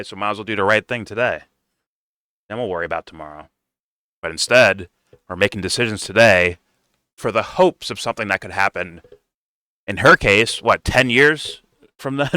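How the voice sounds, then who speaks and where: A man's voice: fairly low pitch, fairly quick, long pauses, pushed and bright, no echo, studio quality. A man doing casual reaction commentary, blunt and profane, rambling and restarting his sentences. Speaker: reaction streamer.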